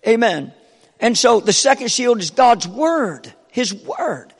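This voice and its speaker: A man preaching a Pentecostal sermon from the pulpit, repeating short call-outs to the congregation and swinging between soft talk and fervent preaching. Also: very high voice, big pitch swings, slow, vocal fry, slightly rough, big-room sound. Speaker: pastor. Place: church sanctuary.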